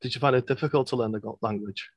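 A man's voice: mid-range voice, rapid-fire, breathy edge, no room sound. A man from the Czech Republic co-hosting a casual interview, asking brief, friendly questions. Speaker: co-host.

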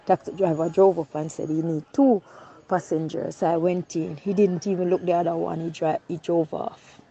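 A woman's voice: fairly low pitch, steady tone, moderate pace, dark tone, highs cut off. A woman with a Jamaican accent giving an eyewitness account, telling her story and slipping into patois. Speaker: robbery witness.

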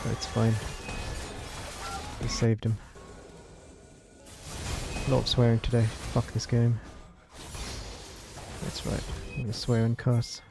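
A man's voice: mid-range voice, completely flat delivery, slow pace, gravelly, long pauses, music in the background. A man streaming his live gameplay with frustrated, swearing commentary, often chanting words over and over. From Europe.

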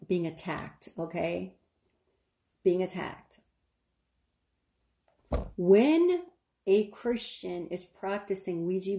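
A woman's voice: fairly low pitch, warm tone. A woman giving an impassioned online sermon, dramatic and urgent, repeating phrases and speaking straight to her listeners. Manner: addresses listeners directly and casually. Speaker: online preacher.

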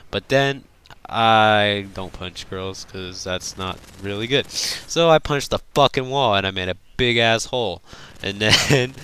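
A man's voice: fairly low pitch, pushed and bright, clean tone. A young man telling a rambling, profane story over gameplay as a gaming channel host. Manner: profane, rambling, laughs often.

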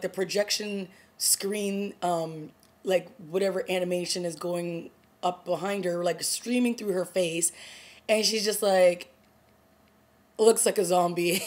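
A woman casually recapping a TV episode, retelling scenes in a chatty, animated way and acting out the characters' lines. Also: medium pitch, unhurried. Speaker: TV reviewer.

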